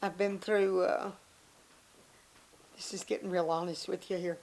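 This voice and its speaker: An older woman, an interview guest, telling candid stories in a lively, self-mocking way and laughing between lines. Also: on the low side, measured pace. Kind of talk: candid storytelling chat.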